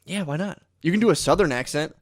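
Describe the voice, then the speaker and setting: Young male co-host, slightly high voice, easygoing storyteller, says "dude" constantly. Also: fast. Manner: laid-back storytelling, says "dude" constantly, acts out quotes. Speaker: podcast co-host. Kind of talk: casual chat.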